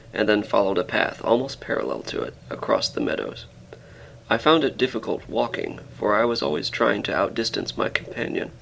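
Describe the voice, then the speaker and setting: A male narrator reads a classic story aloud in a lowish voice with a gravelly fry. His delivery is measured and expressive, with a lively lift and fall. Faint noise sits under his voice. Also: poor audio. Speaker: audiobook reader.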